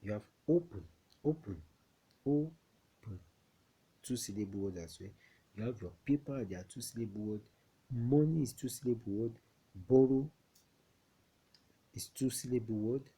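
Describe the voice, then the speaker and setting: A man from Nigeria teaching a classroom English lesson, slow and repetitive, often checking that students understand. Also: medium pitch, dark tone, husky.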